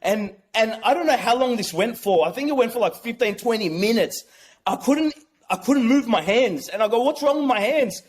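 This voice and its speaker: A young man telling a personal story as a podcast guest, excited and swearing, often restarting his sentences. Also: high voice, normal speed.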